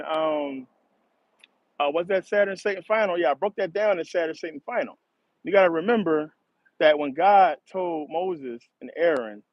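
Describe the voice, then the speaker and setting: A man's voice: sits high, no echo. A man hosting a casual monologue, rambling, cursing a lot and laughing often. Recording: dull, slightly lo-fi dry recording.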